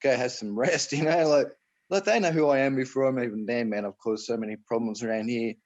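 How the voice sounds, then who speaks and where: On a call, an Australian man acting as a guest explains private trusts in a loose, rambling chat, often restarting and tossing in "right?" and "mate." His voice is medium-pitched, steady and a bit dark, and he talks quickly. The audio sounds dull.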